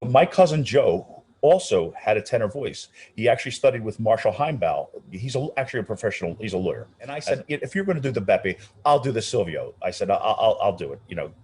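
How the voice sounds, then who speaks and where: A man's voice: fairly low pitch, a little fast, hardly any pauses, slight background noise. A middle-aged man, an opera singer, telling anecdotes in an interview with many restarts and acted-out voices. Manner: animated storyteller, many restarts, acts out quoted voices. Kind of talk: casual storytelling interview.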